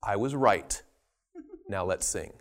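A man voicing God as a stern, solemn male judge, speaking gravely. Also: lowish voice, pitched below the performer's own voice. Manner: grave, measured.

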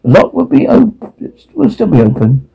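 A man's voice: high voice, wildly swooping pitch, moderate pace, creaky, dark tone, breathy edge, voice pushed up, exaggerated voice, low-quality recording. A man voicing a remorseful father who pleads and apologizes to his family. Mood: soothing.

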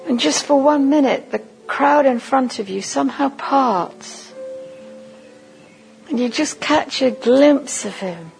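A woman giving a sermon at a conference, leading listeners through a vivid imagined story in a slow, deliberate second-person voice. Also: high-pitched, animated, creaky, darkish tone, soft background music, low-quality recording. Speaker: conference speaker.

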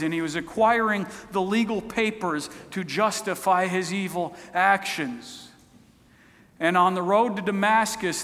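High-voiced preacher in an echoing hall. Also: male voice, fairly bright tone. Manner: storytelling, conversational. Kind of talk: sermon. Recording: long hall reverb.

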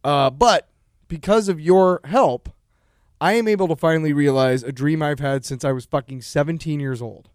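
Man, slightly high voice, dry sound, casual profane podcast banter. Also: normal speed, darkish tone, dry recording. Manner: loose, profane, rambling. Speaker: podcast co-host and musician.

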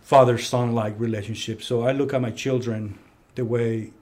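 A man hosting a casual talk, telling a personal story in a conference room, lively when he quotes other people. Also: mid-range voice, moderate pace. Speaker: podcast host. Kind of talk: casual conversation. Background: heater running.

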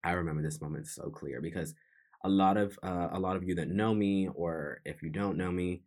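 A man with a very low voice recounts a personal memory for his podcast. He speaks earnestly and reflectively, often stopping to restart and repeating phrases as he works through it. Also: fairly even intonation, a little fast, darkish tone. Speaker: podcast host. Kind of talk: personal storytelling monologue.

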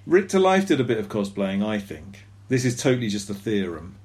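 A man's voice: on the low side, very animated, fairly quick, darkish tone, slight background noise. A man co-hosting a podcast in casual chat, rambling and self-deprecating with lots of fillers. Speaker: podcast co-host.

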